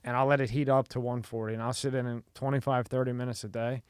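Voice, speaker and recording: A man with a smooth, resonant mid-range voice hosts a podcast in loose conversation. He tells stories bluntly and with animation, swearing freely, and the sound is close and dry. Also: mid-range voice, level tone, fast talker, dry recording. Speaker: podcast host. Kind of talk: casual chat.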